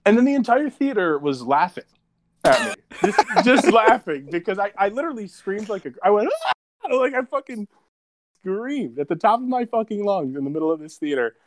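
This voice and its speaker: A man in his twenties on a casual podcast, telling a story in an animated, profane, dramatic way. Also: high-pitched, brisk. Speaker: podcast co-host.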